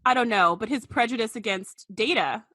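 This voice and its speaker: A young woman co-hosting a casual podcast, her voice bright and a touch high. She talks expressively and laughs as she goes, recorded dry and close with no room sound. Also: fairly quick, no room sound. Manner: expressive, laughs while retelling scenes. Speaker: podcast co-host. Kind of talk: casual chat.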